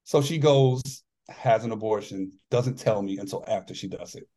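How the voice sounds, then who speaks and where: A man's voice: lowish voice, normal speed, dark tone. A man guest on a podcast, candidly telling a personal story in an earnest, reflective way. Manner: earnest, reflective, acts out dialogue in his stories. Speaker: podcast guest, author and former athlete.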